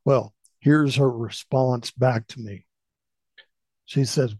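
A man's voice: medium pitch, fairly even intonation, slow pace, dark tone, dry recording. A middle-aged man hosting a storytelling radio show, folksy and conversational.

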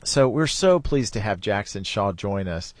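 A middle-aged man hosting a podcast, telling a story in a relaxed, chatty way and laughing easily. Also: lowish voice, a little slow. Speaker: podcast host. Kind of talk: casual storytelling.

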